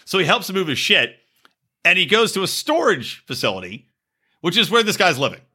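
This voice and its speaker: A man's voice: high voice, a little fast, breathy edge. A man co-hosting a podcast, telling a crude story in casual, profane chat and acting out the people he quotes. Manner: animated, acts out quotes with shifting voices; profane, laughs often. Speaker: podcast co-host.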